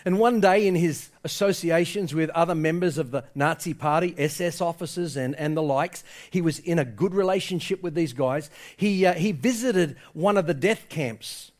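A man with a notably high voice preaches a sermon from the pulpit. He tells a story with rising passion, then presses his point home to the congregation. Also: moderate pace, few pauses. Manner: impassioned storytelling, quoting people in his tale. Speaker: pastor.

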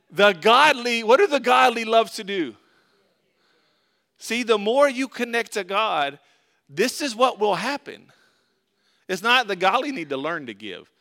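A man delivers a sermon in a bright, crisp voice, pitched a little high for a man. He talks to his congregation casually, circling back on phrases. He drops to a near hush on key words and then swells loud again. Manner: conversational with repeated phrases. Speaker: pastor.

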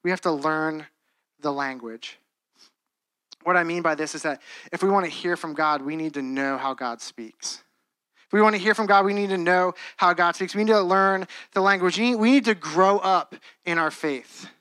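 A man's voice: sits high, normal speed, fairly bright tone, smooth, dry recording. A young man in his twenties preaching a sermon in an earnest, conversational way, with frequent restarts and casual fillers.

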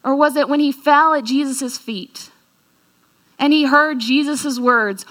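A woman giving a sermon in an earnest way, slowing down on scripture and asking the listeners questions. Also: sits high, expressive, pushed and bright. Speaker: speaker at a church talk.

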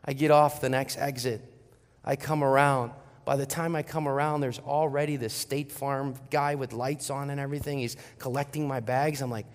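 A middle-aged man, a pastor, preaching a sermon and telling a family story with animated quoted voices. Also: mid-range voice, moderate pace. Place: church sanctuary. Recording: long reverb of a church hall.

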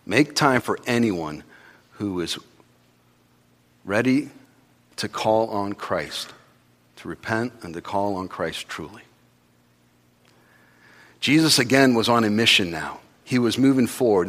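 Man, preacher, sermon, conversational, swings between loud urgency and hushed talk. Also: lowish voice, expressive, a little slow, long pauses.

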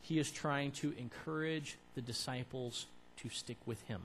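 A man preaching to his church in a conversational way, building to emphatic, louder peaks. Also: medium pitch, a little slow, slight background noise, poor audio. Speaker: pastor. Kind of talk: sermon.

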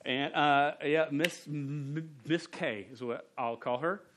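A man, a pastor preaching a sermon in a church and telling stories in a relaxed, humorous way. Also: fairly high pitch, takes it slowly, a little hiss or hum. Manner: conversational, humorous storytelling. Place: church sanctuary.

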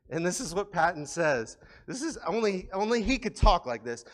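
A man with a fairly high voice delivers a sermon from the pulpit. He talks casually and with animation, repeating and restarting words as he builds his points. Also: normal speed. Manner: conversational, animated preaching with frequent restarts. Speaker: pastor.

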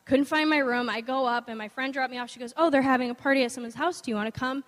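A woman's voice: high voice, fast. A young woman giving an informal, earnest devotional talk, weaving in a personal story, in a conversational manner. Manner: earnest, conversational, animated when quoting others. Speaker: speaker sharing a devotional. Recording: long hall reverb.

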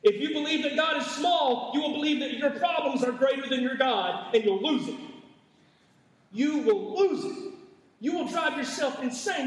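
A man's voice: very high-pitched, normal speed, slight background noise. A man preaching a sermon to his congregation, with emphatic repetition and frequent stammering restarts. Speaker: pastor. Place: church sanctuary. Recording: echoey church hall, mic far off.

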